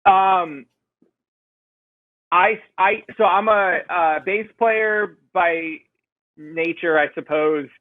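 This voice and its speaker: A man's voice: high voice, extremely slow, pauses often, no room sound, phone-quality sound. A man being interviewed on a podcast as a band vocalist, talking in a rambling, self-deprecating way with many fillers. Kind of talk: casual interview chat.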